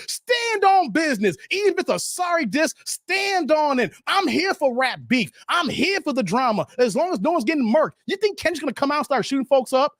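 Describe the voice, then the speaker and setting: A man hosts a live stream and talks straight to his chat in a fired-up, casual rant. His voice sits high and swings wide as he gets worked up. The sound is dry and close, with no room around it. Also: lively intonation, normal speed, a bit bright, no echo. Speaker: livestream host.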